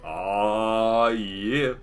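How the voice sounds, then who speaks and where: A man's voice: fairly low pitch, steady tone, drawn-out words, soft background music. A young man giving casual, joking game commentary as a streamer, laughing often. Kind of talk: casual let's-play commentary.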